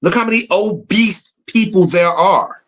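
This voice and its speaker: A man's voice: high-pitched, animated, a little slow, fairly bright tone, rough recording. A man hosting his channel, giving blunt, opinionated reaction commentary. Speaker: channel host.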